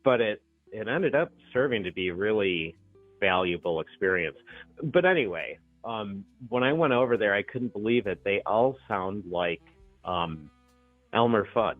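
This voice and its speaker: A middle-aged man calling in to a talk show, telling a story in a chatty, animated way and laughing easily. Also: fairly low pitch, a little slow, dry recording, faint music behind. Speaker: caller. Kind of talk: casual phone call-in chat. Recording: tinny phone line.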